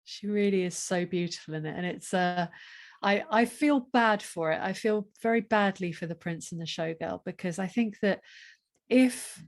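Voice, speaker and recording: A woman's voice: mid-range voice, moderate pace. A woman with an English accent hosting a podcast, joking and apologising with a giggle. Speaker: podcast host. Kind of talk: casual podcast chat.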